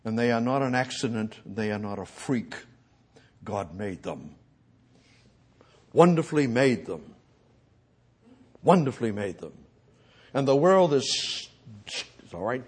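A man preaching a sermon, swinging from loud, booming declarations to hushed asides and addressing God directly. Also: expressive, takes it slowly, long pauses, breathy edge.

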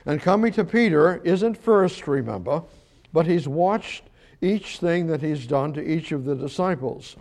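A man teaching a verse-by-verse Bible sermon, slow and emphatic, repeating words as he explains. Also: on the high side, lively intonation, darkish tone. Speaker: preacher.

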